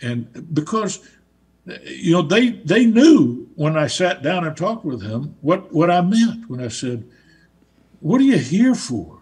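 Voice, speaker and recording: Husky, slightly high Southern man; rambling guest storyteller. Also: very animated, slow pace, darkish tone. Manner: rambling, repeats words as he restarts. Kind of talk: casual storytelling conversation.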